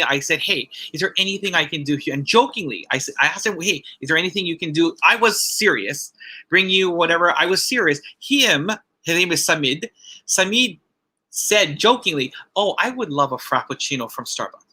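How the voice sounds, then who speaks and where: A man's voice: on the high side, sharp tone. A man giving a personal testimony at a church ceremony, telling a story with repeated phrases and acted-out quotes.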